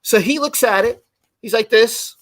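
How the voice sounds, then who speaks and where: A man's voice: extremely high pitch, normal speed, no room sound. Man telling a story on a live stream. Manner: animated, acts out quotes. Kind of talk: casual chat, storytelling.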